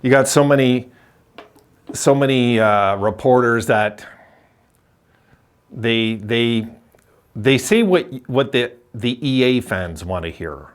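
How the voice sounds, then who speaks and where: A man's voice: mid-range voice, expressive, slow pace, long pauses, clear, resonant tone. Older male host, opinionated and rambling vlog delivery. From Quebec. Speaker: hockey channel host.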